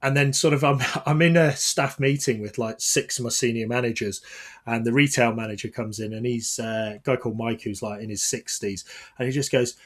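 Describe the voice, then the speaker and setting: A male podcast host in easygoing chat, spinning long stories that meander through fillers and self-corrections. His voice sits at an ordinary middle pitch. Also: steady tone, brisk. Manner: rambling anecdotal storytelling with many fillers.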